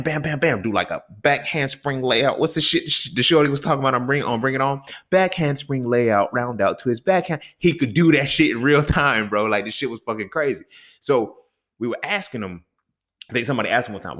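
A man's voice: mid-range voice, fairly bright tone. Heated, profane young man riffing solo. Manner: heated, profane, keeps asking "you feel me?". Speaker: podcast host. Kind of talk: casual monologue.

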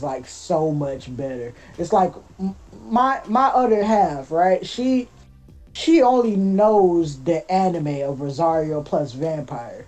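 A man's voice: high voice, dark tone. A young man co-hosting a podcast in casual chat, rambling with lots of fillers and restarts. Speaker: podcast co-host.

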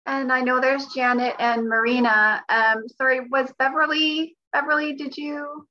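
A woman moderating an online group meeting in friendly casual talk, pausing often with fillers. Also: sits high, level tone, pushed and bright. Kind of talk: casual video-call chat. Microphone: video call. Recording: muffled call audio.

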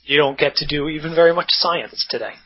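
Husky guy game mastering, kinda high voice, joking around, muffled lo-fi sound. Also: brisk. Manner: laid-back, profane, joking. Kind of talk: narrating a tabletop game. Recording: dull lo-fi audio.

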